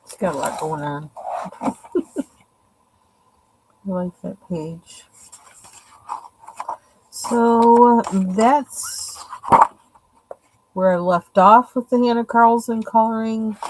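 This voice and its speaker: A woman's voice: fairly high pitch, slow pace, pauses often, background noise. A woman casually showing her coloring pages at home, rambling and thinking aloud as she goes. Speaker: coloring channel host. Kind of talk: casual show-and-tell.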